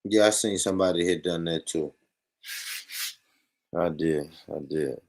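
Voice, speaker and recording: A man's voice: sits low, measured pace, a little mellow. Man, casual podcast banter, laid-back with short interjections. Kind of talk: casual chat.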